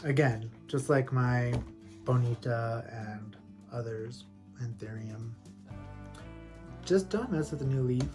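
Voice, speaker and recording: A man talking casually at home as a plant-collector vlogger, rambling and animated, with frequent laughs. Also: mid-range voice, takes it slowly, pauses often, music in the background. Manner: rambling and animated, laughs often, lots of fillers. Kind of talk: casual chatty storytelling. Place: at home with houseplants.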